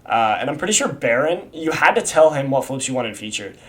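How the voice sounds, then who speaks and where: A man's voice: medium pitch, very animated, a little fast, a bit bright. Young man rambling through casual commentary. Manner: rambling, swears often, slangy ("bro"), restarts. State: has the hiccups. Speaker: YouTube creator explaining a community iceberg.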